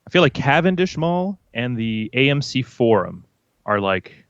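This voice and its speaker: A man's voice: mid-range voice, sing-song, normal speed, a bit bright, smooth, no echo. Man, Canadian podcast co-host, playful banter, muffled dry sound. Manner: playful, laughs at himself. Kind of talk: casual chat. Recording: dull, dry podcast audio.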